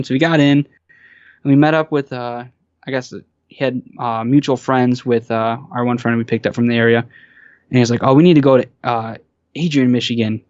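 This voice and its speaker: A man's voice: medium pitch, darkish tone, no room sound, muffled recording. A man telling stories as a podcast guest, casual and rambling, with lots of fillers and restarts. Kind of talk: casual storytelling.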